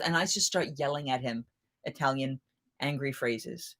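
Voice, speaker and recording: A middle-aged woman, a festival performer, hosting a live chat and telling lively anecdotes in a casual way, often getting suddenly louder. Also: rumbling low, moderate pace. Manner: animated, with sudden jumps in loudness.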